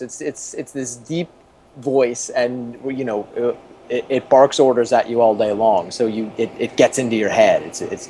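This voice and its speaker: Casting: man in his 30s, mid-pitched, rambling anecdotal guest, laughs a lot. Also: dark tone. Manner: rambling, many restarts, chuckles often. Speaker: interview guest, former TV producer. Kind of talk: casual storytelling in an interview.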